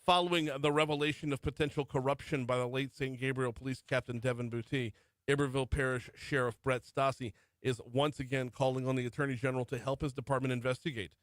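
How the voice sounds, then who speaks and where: A man's voice: mid-range voice, fairly even intonation, quick pace, no echo. A middle-aged man hosting a morning talk radio show, running through the news with chatty asides. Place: radio studio. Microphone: studio microphone.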